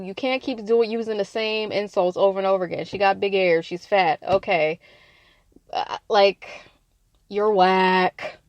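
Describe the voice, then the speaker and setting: A woman hosting a casual podcast that recaps a reality show, blunt and profane, animated, laughing in bursts. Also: medium pitch, no echo.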